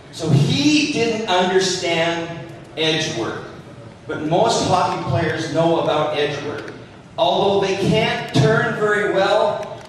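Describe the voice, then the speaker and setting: A man teaching hockey skating to a live audience, animated and jokey as he demonstrates moves. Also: fairly high pitch, a little hiss or hum. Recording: echoey hall, distant mic.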